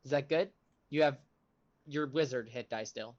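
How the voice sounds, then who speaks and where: A man's voice: medium pitch, normal speed, highs cut off. A man playing in an online tabletop game, tallying points in a matter-of-fact way. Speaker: player. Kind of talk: casual chat at a game table.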